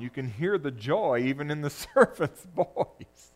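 A man preaching a sermon, moving between loud, urgent peaks and hushed, low passages. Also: lively intonation, a little slow, few pauses. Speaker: pastor.

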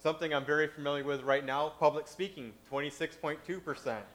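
A man's voice: a little high, quick pace, a bit bright. Man, sermon, conversational, filler-heavy delivery. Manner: conversational, many "you know" fillers. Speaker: preacher.

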